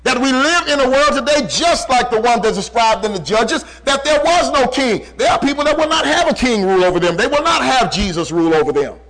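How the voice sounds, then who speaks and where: High-voiced preacher with dramatic swings. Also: male voice, animated, fairly bright tone, poor audio. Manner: preaching with dramatic swings in volume and slow, drawn-out emphasis; repeats key phrases for emphasis. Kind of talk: sermon.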